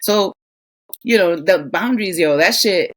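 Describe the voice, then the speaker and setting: A woman's voice: lowish voice, measured pace. A woman in her thirties co-hosting a podcast, ranting in a casual, profane way with acted quotes. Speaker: podcast co-host. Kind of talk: casual chat.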